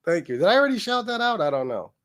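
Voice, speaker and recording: A man's voice: big pitch swings, racing. Profane ranting man in his forties. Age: 40s. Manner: heated, profane, jumping between loud jabs and low mutters. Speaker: livestream host. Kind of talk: profane livestream rant.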